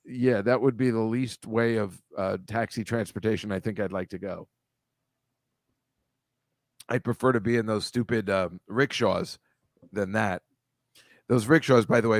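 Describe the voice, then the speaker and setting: A man's voice: lowish voice, moderate pace, no room sound, studio quality. Rambling, wry man on a video call. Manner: rambling, wry, mocking, swears freely. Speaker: host. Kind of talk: casual chat over shared slides.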